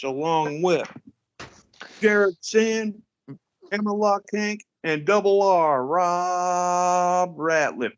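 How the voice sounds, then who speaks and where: A man hosting a casual podcast, introducing his co-hosts in a low-key, dry way. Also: a bit bright, no room sound, highs cut off. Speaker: podcast host.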